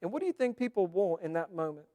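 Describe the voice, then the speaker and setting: High-voiced pastor preaching in a church hall. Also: male voice, animated, quick pace, muffled recording. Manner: conversational, asking the congregation questions. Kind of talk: sermon.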